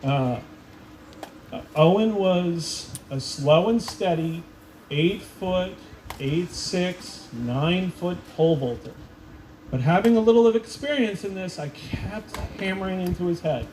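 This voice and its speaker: A man coach speaks at a school ceremony with a somewhat higher voice, telling stories and acting out the people in them. Faint room ambience sits behind him. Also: slow pace, a little hiss or hum, low-quality recording. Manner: animated storytelling with voiced quotes. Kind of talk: ceremony speech with anecdotes. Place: school event space.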